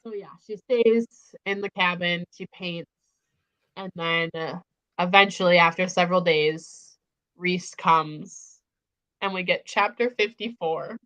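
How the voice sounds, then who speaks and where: A woman's voice: fairly low pitch, takes it slowly, a bit bright, low-quality recording. A young woman hosting a casual livestream book discussion, gushing about a book with lots of filler words. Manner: gushing, filler-heavy "like" talk. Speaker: booktube host. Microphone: livestream microphone.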